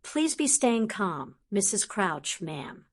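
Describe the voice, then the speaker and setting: A woman reading an audiobook, voicing a small, timid female house elf who speaks softly and deferentially. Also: mid-range voice, big pitch swings, slow pace, heavily acted.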